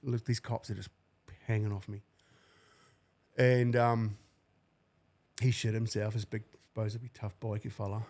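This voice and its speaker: A man's voice: lowish voice, flat delivery, moderate pace, darkish tone. A man in his forties from New Zealand, a podcast guest telling a painful personal story bluntly and with heavy swearing. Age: 40s. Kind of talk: emotional personal account.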